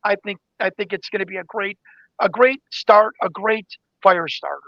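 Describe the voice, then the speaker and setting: A man telling an investigation story in an interview, excited and acting out the exchanges he quotes. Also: high voice, moderate pace, vocal fry, no echo, lo-fi sound. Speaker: guest investigator. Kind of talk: animated interview talk.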